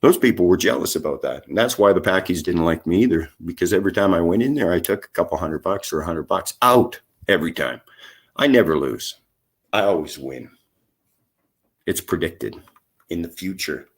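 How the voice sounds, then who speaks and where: A man's voice: low voice, expressive, normal speed, pauses often. A middle-aged man, ranting to camera in a rambling, heavily profane vlog full of insults. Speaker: vlogger. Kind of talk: angry profane rant to camera.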